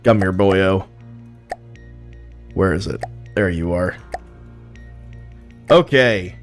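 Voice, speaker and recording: A man's voice: sits low, very slow, soft background music. A young man streaming, giving frank, profane, easily amused commentary on viewers' builds. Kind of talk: casual live-stream commentary.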